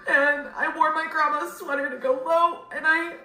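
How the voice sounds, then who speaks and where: A woman's voice: high voice, fairly even intonation, moderate pace, pushed and bright, roomy sound, faint music behind, low-quality recording. A woman talking in a casual confessional video, shaky and apologetic as she fights back tears. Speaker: social media poster.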